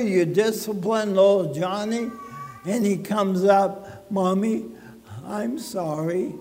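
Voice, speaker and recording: A man preaching a sermon as pastor in a church sanctuary, slow and deliberate, with dramatic pauses between phrases. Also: sits high, in a large hall.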